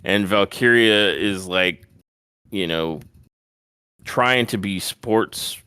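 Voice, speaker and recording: A man with a low, smooth voice walks through a wrestling match move by move in casual podcast chat. He breaks off for animated asides. The sound is dry and close to the mic. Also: slow, no echo. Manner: detailed play-by-play retelling, animated asides. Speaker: podcast co-host.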